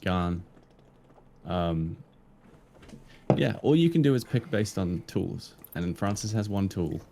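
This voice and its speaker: A man's voice: sits low, animated, slow pace, vocal fry, background noise. A man co-hosting a podcast in casual chat, laid-back, often answering with short agreements. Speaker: podcast co-host.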